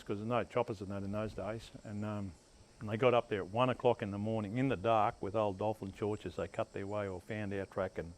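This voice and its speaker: An older man with an Australian accent, telling stories from his life in a relaxed, rambling way as an interviewee. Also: fairly low pitch, poor audio. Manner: rambling, laid-back yarn-spinning with laughs. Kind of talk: casual storytelling.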